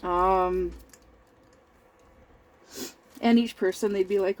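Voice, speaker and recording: Tired middle-aged woman, slow halting storyteller, mellow voice, lots of throat-clearing and fillers. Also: medium pitch, poor audio. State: over-tired. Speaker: crafting vlogger. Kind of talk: casual storytelling while crafting.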